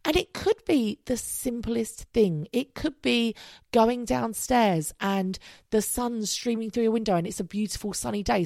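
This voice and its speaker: In a casual solo podcast monologue, a woman in her thirties talks in an upbeat way, swearing now and then and rambling off track. Her medium-pitched voice is a little mellow with gravelly vocal fry, recorded in studio quality with no echo.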